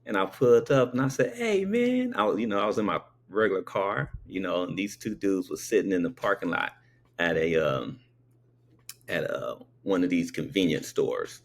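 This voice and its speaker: A man's voice: deep voice, normal speed. A man telling a personal story in a conversational way, often checking in with the listener.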